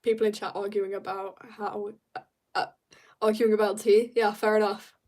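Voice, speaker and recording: British girl in her teens, rambling casual stream chat, quick giggly bursts, distant from the mic. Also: medium pitch, level tone, darkish tone. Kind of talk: casual livestream chat while drawing. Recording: voice a bit off-mic.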